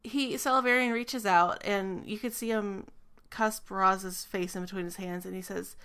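Woman game master, gravelly smooth voice, halting scene narration. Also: mid-range voice, fairly even intonation, fairly bright tone. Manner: descriptive, hesitant with frequent ums.

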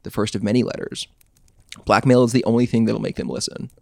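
A man's voice: mid-range voice, level tone, fast talker, creaky, a little mellow, no room sound. A man hosting a podcast, reading his own short story aloud with dry, sardonic narration. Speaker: podcast host.

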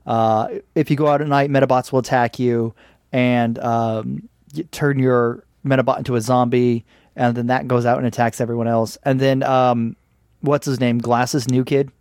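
A man's voice: medium pitch, level tone, darkish tone, clean tone, no room sound, clean studio sound. A man co-hosting a casual podcast, joking and retelling scenes while acting out quoted lines. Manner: joking, acts out quotes in quick voices. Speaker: podcast co-host. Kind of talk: casual chat.

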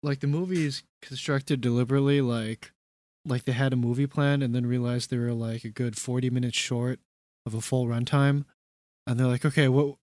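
A man's voice: mid-range voice, steady tone, normal speed, darkish tone, no room sound. A young man co-hosting a podcast in casual chat, chatty and laughing often, acting out quotes. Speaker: podcast co-host.

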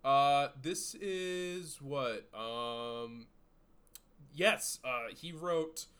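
Male co-host, mid-pitched, loose and jokey, hesitant fillers. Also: very slow, fairly bright tone, smooth. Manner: laughing, full of fillers, crude jokes. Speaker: podcast co-host. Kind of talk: casual podcast chat.

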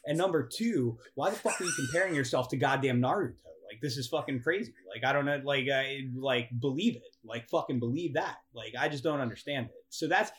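A young man in the middle of a sports podcast rant, swearing freely and tossing out mocking rhetorical questions. His voice sits at an ordinary middle pitch and jumps up whenever he gets fired up. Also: brisk, few pauses, fairly bright tone, slight background noise. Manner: profane, ranting, laughs and rises in pitch when worked up. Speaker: podcast co-host. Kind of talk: casual sports chat.

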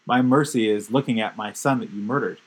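A man's voice: medium pitch, husky, natural voice, low-quality recording. A man voicing a stern, cold king. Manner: cold, measured. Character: stern grieving king judging his son.

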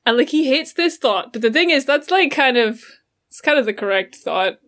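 A woman's voice: high-pitched, lively intonation, normal speed, a bit bright. A woman in a casual book discussion who reads passages aloud and then reacts to them. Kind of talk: casual book-club chat.

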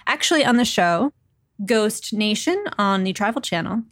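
A woman's voice: mid-range voice, lively intonation, moderate pace, a bit bright. A young woman co-hosting a podcast, chatting and telling a ghost story with frequent laughs. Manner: laughs often, chatty and playful. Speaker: podcast co-host. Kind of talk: casual chat and storytelling.

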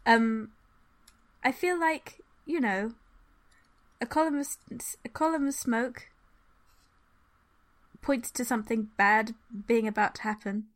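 Chatty woman with a slightly high voice. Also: slow pace, pauses often. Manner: rambling, lots of fillers and restarts, laughs easily. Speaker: podcast co-host. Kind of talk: casual book discussion.

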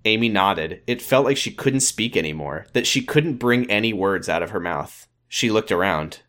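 A man's voice: fairly low pitch, moderate pace, few pauses. A man co-hosting a comedy podcast, reading fan fiction aloud and breaking off into joking asides. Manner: reads narration flatly, breaks off into joking asides. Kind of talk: comedic dramatic reading with banter.

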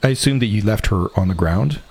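A man narrating a tabletop game as game master, describing scenes slowly with frequent restarts. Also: on the low side, animated, darkish tone, breathy edge.

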